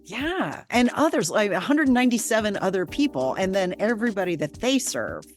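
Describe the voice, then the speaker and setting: A woman hosting a podcast interview, enthusiastic and quick to laugh and affirm her guest. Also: medium pitch, big pitch swings, faint music behind. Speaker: podcast host.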